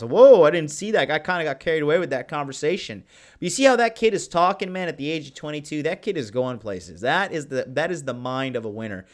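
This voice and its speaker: A man hosting a live podcast, talking in a brash, profane and excitable way as he reads chat comments. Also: mid-range voice. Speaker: podcast host. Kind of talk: casual live-stream talk.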